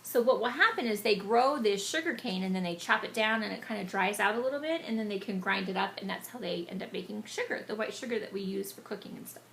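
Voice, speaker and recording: A woman reading a picture book aloud to children, animated and stopping to explain words to them. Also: mid-range voice, quick pace, vocal fry, hardly any pauses, slight background noise. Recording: echoey room.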